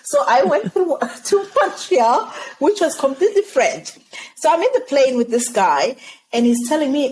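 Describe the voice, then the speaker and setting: A woman from Zimbabwe, a podcast guest telling her own story in conversation, lively and laughing often as she acts out dialogue. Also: high voice, moderate pace, slight background noise, rough recording.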